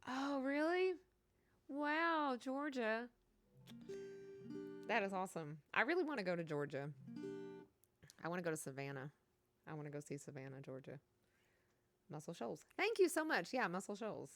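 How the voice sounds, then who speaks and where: A woman's voice: medium pitch, sing-song, normal speed, pauses often, music in the background. A middle-aged woman with a Kentucky Southern accent, chatting casually and giggling with her live-stream viewers.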